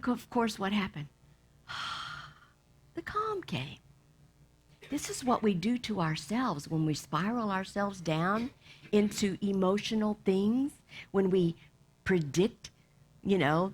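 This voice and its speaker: A woman minister giving a sermon, lively, acting out bits of the story and dropping to soft near-whispers for emphasis. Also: medium pitch. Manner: animated, acts out voices, drops to soft near-whispers.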